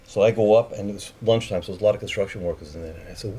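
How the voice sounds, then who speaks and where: A man's voice: fairly low pitch, rapid-fire, mellow, a little hiss or hum. A man telling a personal story in a candid, profane way, acting out the voices of the people in it.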